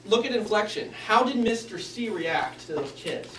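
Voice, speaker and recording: A man's voice: high voice, animated, moderate pace, noisy background. A man giving a prepared club speech on speaking skills, with varied inflection and an instructive manner. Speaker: Toastmasters speaker. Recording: echoey room, mic from a distance.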